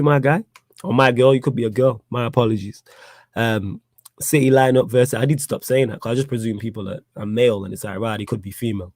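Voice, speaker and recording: A man hosting a casual football podcast on a live stream, animated and teasing, often rising to loud, high challenges to his chat. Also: dry recording. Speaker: podcast host.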